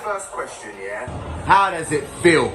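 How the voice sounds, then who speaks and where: Man, chirpy and matey, lively pitch, music behind. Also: a little slow, rough recording. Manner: chirpy, matey, lots of "bro" and "mate". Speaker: guest asking a question.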